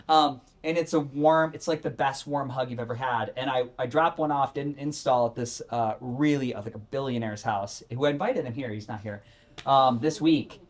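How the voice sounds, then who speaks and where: A middle-aged man, a podcast guest, telling his story candidly in a rambling, self-correcting, animated way. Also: mid-range voice, moderate pace.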